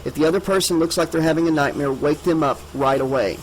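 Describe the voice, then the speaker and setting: A man's voice: on the high side, quick pace, slight background noise, lightly acted, rough recording. A man voicing a determined teenage boy who speaks with urgent intensity, in an audiobook.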